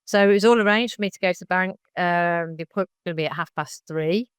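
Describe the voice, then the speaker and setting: A woman's voice: fairly low pitch, quick pace, smooth, dry recording, clean studio sound. A woman, a guest on a podcast recounting her story and acting out other people's lines as she goes. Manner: animated retelling that acts out other people's lines. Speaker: interview guest.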